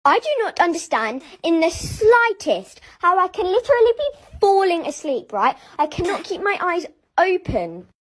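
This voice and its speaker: A woman narrating relatable everyday complaints with an exasperated, expressive delivery. Her voice sits high and swings widely in pitch. The recording is dry and close. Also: moderate pace, hardly any pauses, dry recording.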